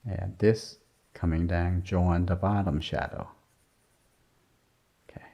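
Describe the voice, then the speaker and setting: A man teaching a drawing lesson as he works, talking softly in short, simple, broken phrases. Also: low voice, steady tone, slow pace, vocal fry. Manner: soft-spoken, murmuring, simple broken phrasing. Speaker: art teacher. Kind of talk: drawing lesson narration while working. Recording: dull lo-fi sound.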